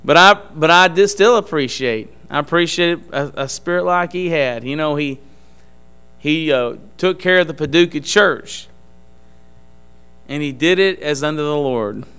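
A man giving an earnest testimony in a church service, speaking in a halting, emphatic preaching style. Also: on the high side, sharp tone, clear, resonant tone.

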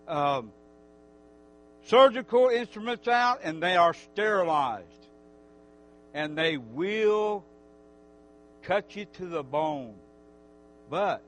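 A man giving an emotional sermon testimony, speaking heartfelt and repetitive, swinging between loud calls and hushed confessions. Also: sits high, a little hiss or hum. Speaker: preacher.

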